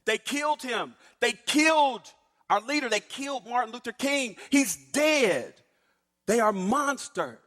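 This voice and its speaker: A man voicing a grieving woman housekeeper, crying out loud in anguish, in a space with long reverb. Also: very high voice, lively intonation, unhurried, pitched above the performer's own voice, exaggerated voice.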